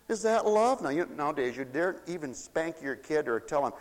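A man preaching a fiery, folksy sermon. He swoops between loud declarations and mocking asides. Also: fairly high pitch, sing-song, brisk, few pauses. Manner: folksy, shouting and swooping, mocks voices. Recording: long hall reverb.

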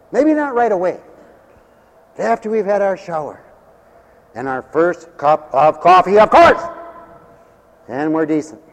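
A man preaching a sermon, telling Bible stories in an animated way and acting out the scenes. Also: high-pitched, long reverb tail.

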